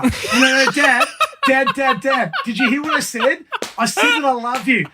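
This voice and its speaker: A man and guest, telling stories in casual chat, animated, acting out phone calls and laughing often. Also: high-pitched, moderate pace, a little hiss or hum. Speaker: guest speaker. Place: video call.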